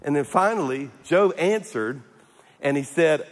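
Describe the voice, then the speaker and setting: A man's voice: a little high, lively intonation, moderate pace. A man preaching a sermon in a church, humorous, with restarts and calls for amens. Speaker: pastor. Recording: echoey hall.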